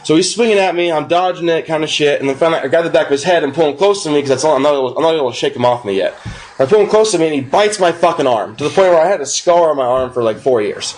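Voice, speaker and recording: A man's voice: a little high, very fast. Profane young man telling a brawl story. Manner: profane, animated anecdote with acted-out quotes. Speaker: podcast co-host. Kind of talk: casual storytelling.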